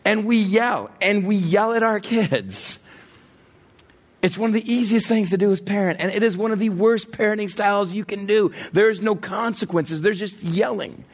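A man preaching a sermon in an animated way, acting out everyday scenes with humor and asking the audience direct questions. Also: high voice, normal speed. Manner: talks straight to the audience with questions. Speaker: pastor.

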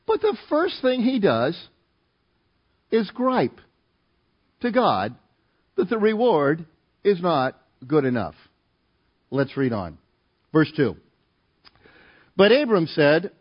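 A man's voice: high-pitched, very animated, takes it slowly, pauses often, slightly rough. A middle-aged man preaching a sermon, telling stories in a conversational, rambling way with fillers and restarts. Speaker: pastor. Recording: dull lo-fi sound.

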